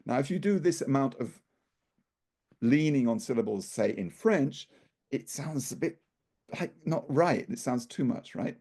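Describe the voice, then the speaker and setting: Gravelly-voiced man explaining calmly. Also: medium pitch, unhurried. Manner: thoughtful, repeats and restarts phrases; leans heavily on stressed syllables for emphasis. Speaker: speaking coach. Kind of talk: conversational explanation.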